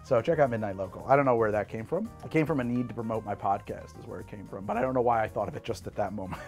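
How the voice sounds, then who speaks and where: A middle-aged man hosting a casual cocktail tutorial at his home bar, chatty and animated, swearing freely. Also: lowish voice, fast talker, faint music behind. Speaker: host making cocktails.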